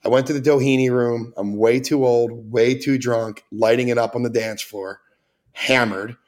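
A man in his forties sits in as a podcast guest and spins loud, profane party stories. He talks in a casual, boastful way and jumps into the voices of the people in his tales. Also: medium pitch, fairly even intonation, moderate pace. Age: 40s. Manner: rowdy, swearing, acts out voices in his stories. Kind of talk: casual storytelling chat.

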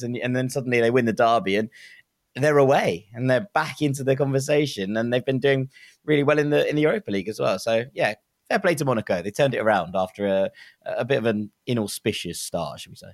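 A man co-hosting a football podcast, chatting casually and often doubling his words as he finds his way into a sentence. His voice sits at an everyday middle pitch. It sounds close and dry, with no room around it. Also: dry recording. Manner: chatty, repeats words when starting sentences.

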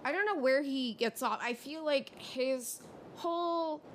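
Podcast host, young woman, slightly high voice, fired-up casual rant, faint low rumble underneath. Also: a little slow. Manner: ranting, animated, frustrated. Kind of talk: casual reality TV recap.

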